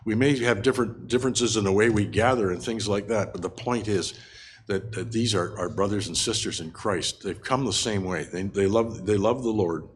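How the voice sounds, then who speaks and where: A man's voice: on the low side, a little hiss or hum. An older man teaching a Bible study in an unscripted, earnest way, often stopping to restart his sentences. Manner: halting, frequent restarts and fillers, earnest.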